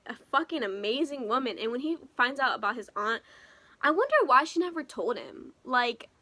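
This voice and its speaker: Young woman, casual book vlogger, bright tone, emotional and gushy. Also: on the high side. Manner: gushing and emotional, many fillers and exclamations. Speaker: book reviewer. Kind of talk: casual book review vlog.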